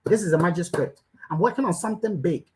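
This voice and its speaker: A woman with a voice on the low side and a darkish tone talks at a quick pace on a low-quality recording. She's giving a motivational business talk as a coach, pounding away at short repeated commands and preaching through direct questions to her listeners.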